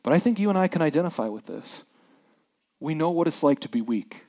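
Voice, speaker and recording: A man preaching a sermon as a pastor, reading scripture with lively acted-out voices and dropping quiet for the somber parts. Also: fairly high pitch, fairly quick. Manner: animated preacher who acts out scripture voices, dropping soft for somber moments.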